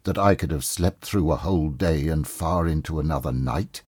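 A man's voice: a bass voice, normal speed, a little mellow, breathy edge, no echo, studio quality. Scrooge, an anxious old miser, as read by a man. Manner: urgent, questioning, pleading.

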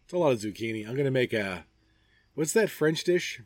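A man's voice: mid-range voice, animated, a little fast, no room sound. A middle-aged man co-hosting a podcast, chatting casually and jokingly outdoors, often rambling and trailing off. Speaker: podcast co-host. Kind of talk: casual chat. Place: outdoors at a backyard gathering.

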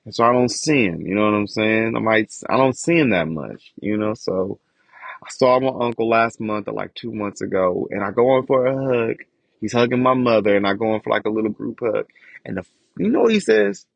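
A man's voice: on the low side, animated, brisk, vocal fry, no room sound. A young man ranting with frustration and heavy profanity in a casual podcast monologue about his family. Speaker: podcast host. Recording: dull lo-fi dry recording.

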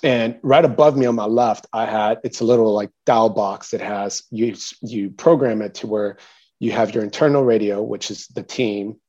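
A man recounts a story as a guest, in a relaxed, mellow voice full of fillers and restarts. He gets animated and louder whenever he quotes someone. The recording sounds somewhat dull and lo-fi. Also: lowish voice, normal speed, husky. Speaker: interview guest, military veteran. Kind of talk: casual storytelling.

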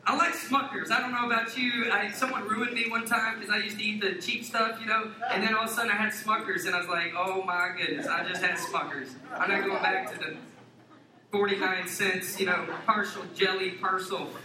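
Man, pastor, playful sermon, high voice, echoey church hall, heard from a distance, congregation around. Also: fairly quick, crowd noise. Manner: playful, joking and animated. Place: church sanctuary.

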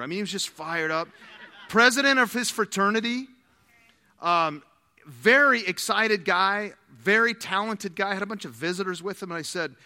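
A man preaching a sermon, telling stories with animated quoted dialogue. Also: high voice, normal speed, big-room sound. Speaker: pastor.

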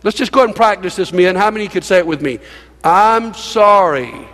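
High-voiced man preaching in a reverberant hall. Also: very fast, fairly bright tone. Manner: emphatic, folksy, with laughs and audience prompts. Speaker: pastor. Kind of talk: sermon.

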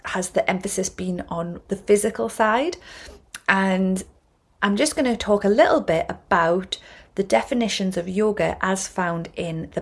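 A woman hosting a yoga podcast, explaining ideas in a chatty, self-correcting way with frequent restarts. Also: medium pitch. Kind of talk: casual explanatory talk.

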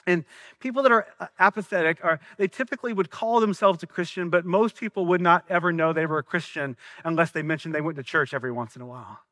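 Earnest high-voiced Southern preacher man. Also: fast talker, pushed and bright, no echo. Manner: earnest, questioning preacher, some stumbles and repeats. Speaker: pastor. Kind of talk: sermon.

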